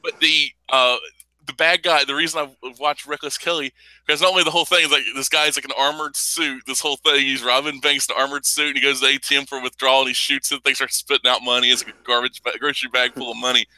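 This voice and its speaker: Male podcast host, piercingly bright, slightly high, dry close mic, rambling. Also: flat delivery, fast, dry recording, poor audio. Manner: rambling, profane, enthusiastic. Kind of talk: casual chat.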